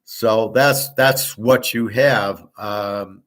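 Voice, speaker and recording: A man's voice: lowish voice, steady tone, very slow, fairly bright tone. Blunt rambling man from Michigan. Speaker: host. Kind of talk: casual monologue.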